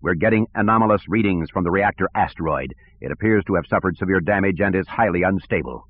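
A man's voice: low-pitched, fast. A man voicing a dutiful male officer who reports in a formal, deferential way, on a tinny recording. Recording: tinny phone-like sound.

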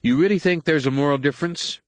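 Earnest young son with a raised pitch, as a male reader puts him on, pleading and idealistic. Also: fast, no room sound, natural voice.

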